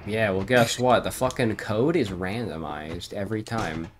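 A man with a fairly low voice chats through a horror game as he plays, cursing freely and puzzling things out aloud. Faint noise sits under his voice. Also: moderate pace. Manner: casual, swears often, thinks aloud. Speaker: streamer playing a horror game. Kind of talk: casual let's-play commentary.

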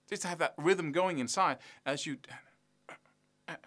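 A man's voice: on the high side, animated, brisk, sharp tone. A man teaching a guitar lesson on video in a chatty, self-mocking way, chanting rhythms aloud as he explains.

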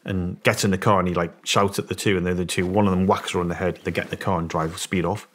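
A man's voice: deep voice, fast talker. A middle-aged British man, a former soldier guest on a podcast, telling a story and acting out the voices of people in it. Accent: British English. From England. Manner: animated storyteller, acts out quoted voices. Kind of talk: storytelling in an interview.

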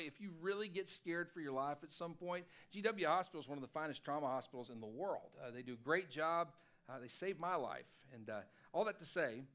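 A man preaching a sermon as pastor, telling a personal story in an animated, self-deprecating way. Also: high-pitched. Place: church sanctuary.

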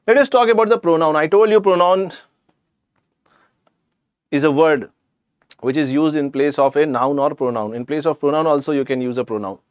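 Indian english guy running an online grammar class, jokey, talks right to the students, pretty high voice. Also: normal speed, long pauses, dry recording, highs cut off. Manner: chatty, addresses students directly, slips in jokes. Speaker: teacher.

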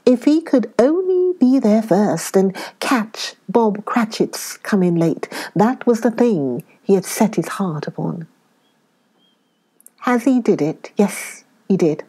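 A woman with a British accent reads a classic tale aloud. Her voice is mellow and warm, and she takes her time, leaning into each phrase with unhurried emphasis. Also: medium pitch, slightly rough. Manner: expressive, slows down for emphasis. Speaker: storyteller. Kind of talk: dramatic reading of a classic story.

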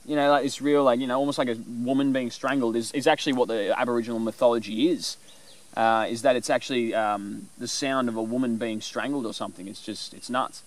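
A man casually explaining animal calls in a rambling, relaxed way with lots of fillers. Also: medium pitch, fast talker, a little hiss or hum. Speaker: bushcraft vlogger.

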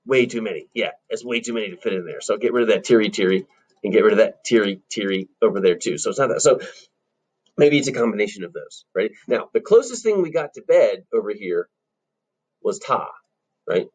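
A man's voice: lowish voice, lively intonation, brisk, a little mellow, slightly rough. A man teaching children rhythm, upbeat and chanting syllables aloud as he explains. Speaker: music teacher.

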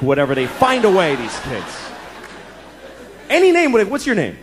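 A man's voice: sits high, huge pitch swings, normal speed. A man in his thirties doing stand-up comedy, exasperated and profane, acting out his own inner voices. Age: 30s. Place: comedy club stage with laughing audience. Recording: stage mic with crowd laughter and noise.

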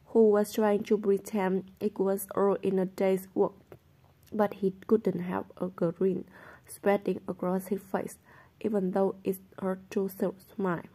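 Woman reading a novel in a mellow voice. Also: medium pitch, husky. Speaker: audiobook reader.

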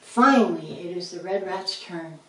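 A woman's voice: lowish voice, moderate pace, pushed and bright. Lady reading a kids storybook, mic kinda far away. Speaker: storybook reader. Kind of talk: reading a children's story aloud. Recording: roomy sound, mic at a distance.

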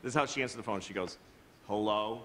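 A man performing a stand-up comedy routine on a live stage, telling a story with animated delivery and acting out other people's voices. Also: medium pitch, racing. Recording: live show with loud audience laughter and noise.

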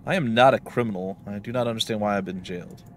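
A man's voice: fairly low pitch, fast talker, a little hiss or hum, natural voice. A man voicing a proud, indignant male cleric in a game who keeps demanding answers. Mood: protesting. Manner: demanding, self-righteous.

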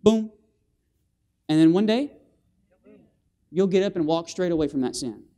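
High-pitched guy preaching in a church, super animated, asks for amens, does boom sounds. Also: normal speed. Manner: animated, with call-and-response and vocal sound effects. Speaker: guest preacher. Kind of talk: lively evangelistic sermon. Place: church sanctuary.

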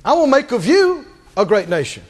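A male pastor preaching a sermon to a congregation, asking them questions and climbing to high, emphatic peaks. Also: very animated, normal speed.

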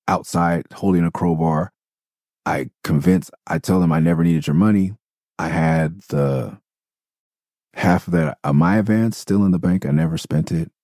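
A man with a very low voice hosts a podcast, recounting a story in a loose, rambling way full of cursing. The sound is dry and close. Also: darkish tone, no room sound. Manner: profane, rambling, loose and candid. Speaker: podcast host. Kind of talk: candid storytelling.

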